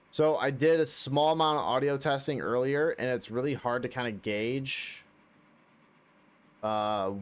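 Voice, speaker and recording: A man's voice: medium pitch, clear, resonant tone. A man in mid-register talks casually over a game stream, rambling and cracking profane jokes. He speaks into a desk microphone at home, loose and unscripted. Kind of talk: casual live-stream commentary.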